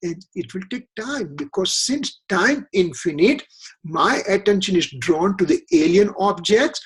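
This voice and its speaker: Man, scripture study lecture, husky voice, earnest, repeats himself, rhetorical questions. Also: sits high, lively intonation, measured pace.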